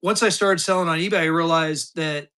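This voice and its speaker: Guy in his 50s running a live auction stream, talks loose and rambly, voice sits a bit high. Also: fairly even intonation, a little fast, pushed and bright, clean tone. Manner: rambling, chatty, with many restarts and fillers. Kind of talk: casual live-stream chat.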